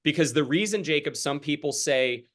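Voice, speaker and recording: His voice is a little high and a bit bright, and he speaks at a moderate pace. The young man is coaching a sales team on a group video call, casually chatting and playing out scenes with customers.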